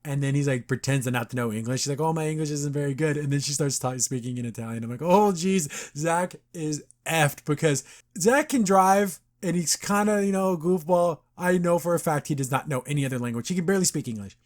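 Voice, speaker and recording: A young man hosts a casual podcast and recaps a cartoon episode with plenty of excitement. His voice sits a little high for a man. He slips into the characters' lines as he talks through each scene. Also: quick pace. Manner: enthusiastic, chatty, acts out characters' lines in quotes.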